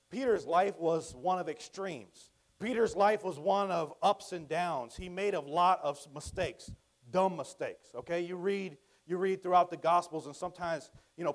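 A man preaching a sermon in a conversational way, swinging from hushed, quiet lines to loud, emphatic ones. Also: on the high side.

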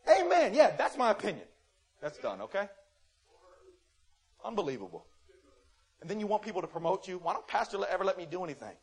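A man preaching a sermon, swinging from loud scolding to quiet, earnest testimony and acting out little dialogues in quick voices. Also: high-pitched, big pitch swings, breathy edge.

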